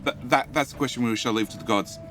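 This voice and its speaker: A man's voice: mid-range voice, fast, fairly bright tone, faint music behind. A man with an Australian accent chatting casually on a game live stream, rambling, repeating himself and muttering to himself while he plays and answers chat.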